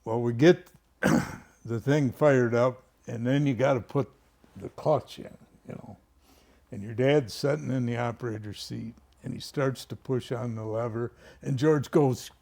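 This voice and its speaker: An older man, a family friend, slowly telling a story in casual conversation, chuckling and clearing his throat. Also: mid-range voice, darkish tone.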